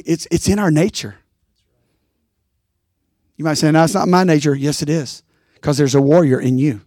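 A man's voice: fairly high pitch, darkish tone, dry recording, clean studio sound. A pastor preaching a rousing sermon, calling out to his congregation.

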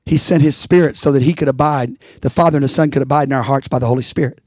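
A man's voice: mid-range voice, fairly even intonation, quick pace, a little mellow, no room sound, clean studio sound. A pastor preaching a rousing sermon, calling out to his congregation.

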